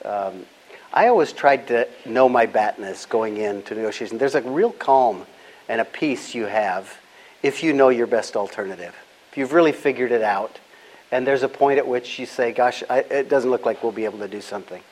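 An older man speaks in a calm, measured voice, walking through his points with anecdotes from a long career. He sounds like a guest being interviewed. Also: medium pitch, poor audio. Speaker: guest, business founder. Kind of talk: storytelling interview answers.

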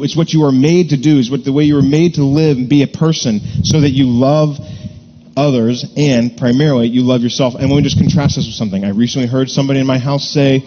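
A man preaching a sermon, earnest and deliberate, repeating key words to stress them. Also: medium pitch, steady tone, mellow, long reverb tail, highs cut off, slight background noise. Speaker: pastor.

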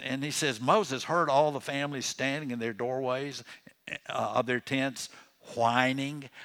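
A man's voice: mid-range voice, pushed and bright. A man preaching a sermon as pastor in a church, conversational and chatty, with joking asides and chuckles.

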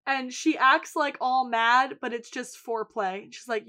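Bright, high-voiced woman recapping a show. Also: measured pace. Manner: animated retelling with quoted lines and swearing. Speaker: podcast co-host. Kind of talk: casual TV recap chat.

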